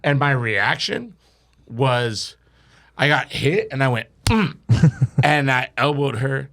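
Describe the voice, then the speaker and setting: A man's voice: mid-range voice, expressive, slow, vocal fry, fairly bright tone. A young man telling a wild drinking story as a podcast guest, swearing and laughing through it. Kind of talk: casual storytelling.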